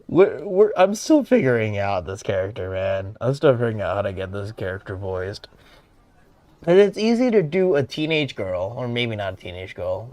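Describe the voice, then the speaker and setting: A young man streaming a game, commenting in a casual, excitable, slangy way and laughing at his own voicing. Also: lowish voice, no echo.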